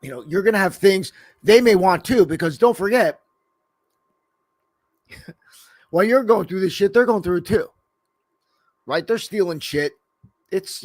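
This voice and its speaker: Rambling through a casual podcast chat as a co-host, this man curses openly and leans constantly on "you know" as filler. His pitch is fairly high, and there's no room sound.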